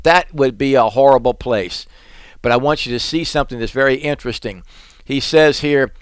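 A man preaching a sermon, reading scripture slowly and breaking into raised, pleading outbursts. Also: mid-range voice, clear, resonant tone, dry recording. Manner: reads scripture slowly and deliberately.

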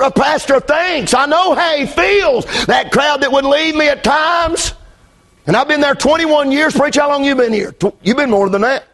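A middle-aged male pastor with a strikingly high voice for a man, preaching a fiery sermon. He moves between quiet, intimate storytelling and shouted, fervent declarations. He repeats phrases and calls out amen along the way. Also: lively intonation, normal speed.

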